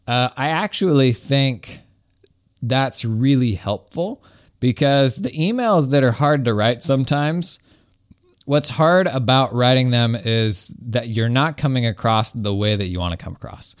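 A man's voice: medium pitch, unhurried. A man in his thirties hosting a casual talk show from his home garage, chatty and enthusiastic, peppering his talk with "like" and "right?". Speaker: podcast host. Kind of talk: casual software commentary.

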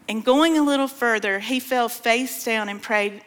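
A woman preaching to a conference crowd, her fairly high voice carrying a long reverb from a large hall. She talks in a folksy way, calls her listeners "y'all", and reads scripture aloud with feeling. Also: steady tone, moderate pace, few pauses. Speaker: speaker at a women's conference. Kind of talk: sermon.

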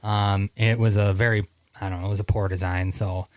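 A man's voice: fairly low pitch, level tone, fairly quick, dry recording, clean studio sound. A man from Minnesota, a Navy veteran guest, telling stories casually with many fillers and restarts. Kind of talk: casual storytelling interview.

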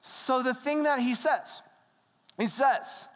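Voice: high-pitched, slow pace. A preacher giving a sermon in a casual, conversational storytelling manner, acting out quoted voices. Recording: long hall reverb.

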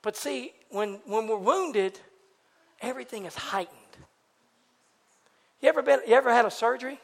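A gravelly-voiced man with an extremely high pitch preaches at normal speed during a church service. The sermon is animated and folksy, moving between loud exclamations and soft asides, with back-and-forth from the congregation.

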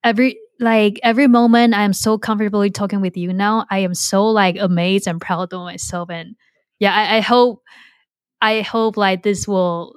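A woman's voice: medium pitch, steady tone, normal speed, dry recording. Candid woman podcast host, dry sound. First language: Chinese. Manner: candid, self-deprecating, many fillers and restarts. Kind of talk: casual podcast conversation.

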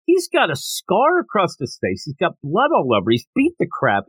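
Animated man retelling a story. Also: sits high, normal speed, husky, dry recording. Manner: animated storyteller, acts out characters' lines. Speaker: podcast co-host. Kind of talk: casual chat, manga review.

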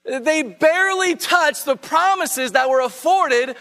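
A man's voice: extremely high pitch, slow, pushed and bright. A man preaching a sermon, reading scripture aloud and urging listeners to underline key phrases. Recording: long hall reverb.

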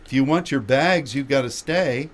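A man hosting a radio show, telling a lively travel anecdote with laughter. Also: medium pitch, normal speed. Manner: animated anecdote with frequent laughter. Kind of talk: storytelling chat.

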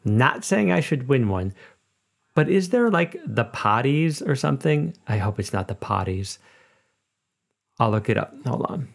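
Gravelly, jokey Midwestern podcast host. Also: male voice, mid-range voice, unhurried. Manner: jokey, self-deprecating, animated. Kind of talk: casual podcast monologue.

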